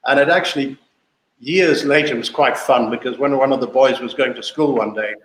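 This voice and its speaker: A man's voice: medium pitch, brisk, a bit bright. Older interview guest from South Africa, man in his sixties, anecdotal and talkative, recorded in a roomy space. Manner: chatty, anecdotal, repeats himself. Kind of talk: casual storytelling interview. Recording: echoey room.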